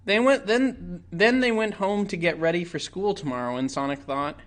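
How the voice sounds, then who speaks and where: A man hosting a live stream, reading a fan story aloud in a deadpan, casual way. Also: sits high, normal speed. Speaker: host and narrator.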